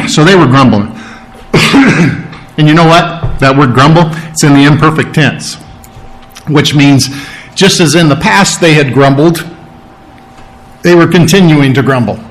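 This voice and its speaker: A man preaching a sermon in a conversational way, who repeats words for emphasis and often clears his throat. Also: on the high side, unhurried, long pauses.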